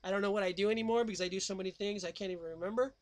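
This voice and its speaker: A man's voice: high voice, steady tone, very fast. A man hosting a call-in radio show, chatting in a rambling, scatterbrained way and breaking into snatches of song. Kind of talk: casual call-in radio chat.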